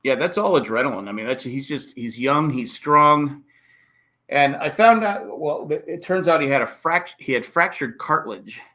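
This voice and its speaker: Animated man talking football. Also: a little high, normal speed. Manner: animated, acts out coaches and fans with exclamations. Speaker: podcast host. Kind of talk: casual sports talk.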